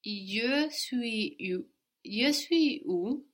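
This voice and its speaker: A woman's voice: a little high, expressive. A woman learning French, giving short careful answers in a lesson. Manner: slow and careful, short answers, tries phrases out. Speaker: language student.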